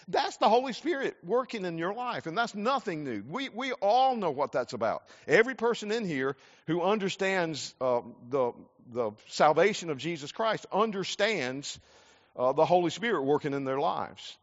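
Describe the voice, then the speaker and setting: At a normal pace and very animated, a high-voiced man from South Carolina preaches from the church sanctuary. The pastor is earnest, often repeating words as he starts over, and the recording sounds muffled with a long reverb.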